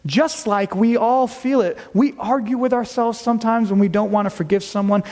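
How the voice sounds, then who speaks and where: A man preaching a sermon to his church, earnest and emphatic, slowing down to stress key words. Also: high voice, animated, a little mellow. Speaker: pastor. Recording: long reverb of a large hall.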